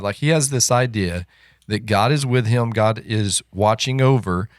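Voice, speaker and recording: A man with a fairly low voice who explains his view in a steady, matter-of-fact way during a casual podcast talk. The sound is dry and close to the mic. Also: a little slow, dry recording. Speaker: podcast co-host. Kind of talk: casual Bible discussion.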